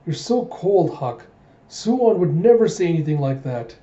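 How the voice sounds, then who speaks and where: A man voicing a spirited, sulky teenage princess, his pitch raised and lightly whiny. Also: sing-song, moderate pace, warm tone. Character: young princess, teen girl, spirited and sulky. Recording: dull roomy home recording.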